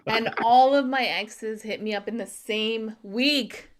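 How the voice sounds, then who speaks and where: A young woman performing a stand-up set over a video call, delivering punchlines deadpan and laughing at her own jokes. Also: a little high, takes it slowly. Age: young adult. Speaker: stand-up comedian. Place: home.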